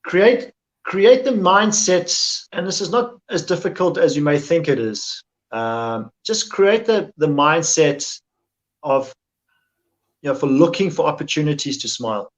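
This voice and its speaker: A man's voice: fairly high pitch, measured pace. A man giving earnest, repetitive wellness advice in casual chat. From South Africa. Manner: earnest, repeats himself while explaining. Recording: dull lo-fi sound.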